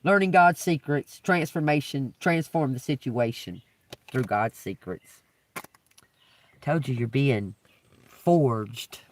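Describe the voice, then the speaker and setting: A man's voice: mid-range voice, slow pace, pauses often, far from the mic. A man doing a live-stream tarot reading, talking casually, swearing freely and laughing often. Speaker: tarot reader.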